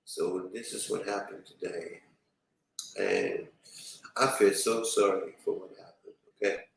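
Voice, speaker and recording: Male streamer, slow rambling delivery, heard from off-mic in a very echoey room. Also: deep voice, very animated, creaky, distant mic, slight background noise. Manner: rambling, fills with "you know". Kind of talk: casual storytelling to viewers.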